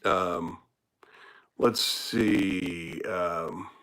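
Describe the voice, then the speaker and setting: A man's voice: low voice, steady tone, extremely slow, bright, forceful tone, poor audio. A man who works as a startup business consultant, answering questions in a casual live Q&A, blunt and profane with lots of filler words.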